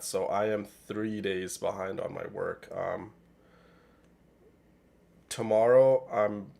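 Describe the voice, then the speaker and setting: Brief: a sick, nasal male streamer rambling to viewers, low and gravelly. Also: a little mellow. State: sick, congested. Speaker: gaming streamer. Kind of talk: casual let's play commentary.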